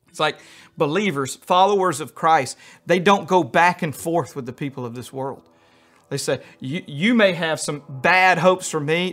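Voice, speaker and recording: A man preaching a sermon as pastor, in a folksy, animated style with homespun humor, swinging between loud emphasis and hushed, soft passages. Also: a little high.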